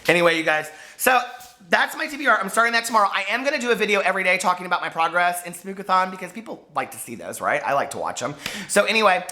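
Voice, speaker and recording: A man chatting to camera as a book vlogger, gushing and full of fillers, hoarse from losing his voice. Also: sits high, animated, fast, pushed and bright. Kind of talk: casual chat to camera.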